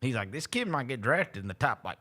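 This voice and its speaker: A man's voice: medium pitch, sing-song, brisk, bright, forceful tone. A middle-aged man, hosting a sports talk show and telling rambling anecdotes full of fillers and restarts. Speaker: host.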